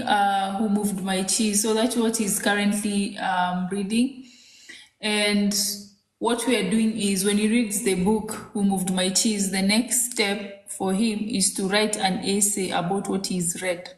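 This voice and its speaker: A woman in her thirties from Kenya talks through parenting in a loose, chatty way, full of "um" and "like". Her voice sits at a middle pitch. The room around her sounds echoey. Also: fairly even intonation, slow pace. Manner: chatty, rambling, many fillers. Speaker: podcast co-host. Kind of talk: casual chat.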